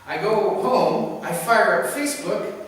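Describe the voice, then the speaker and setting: Male lecturer, rather high voice, digressive storytelling, far from the mic, big echoey hall. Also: unhurried. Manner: animated, digressive storytelling with many "you know" fillers. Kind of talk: live lecture to a class.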